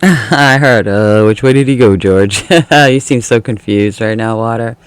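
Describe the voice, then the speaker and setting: A man's voice: medium pitch, a little slow, smooth, no echo. A man giving a casual tarot reading, chatty and laughing often, acting out the feelings he describes. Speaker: tarot reader.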